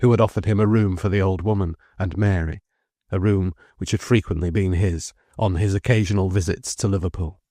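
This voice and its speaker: A man narrating an audiobook in a measured, even storytelling manner, close to the mic. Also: sits low, no echo. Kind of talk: scripted narration.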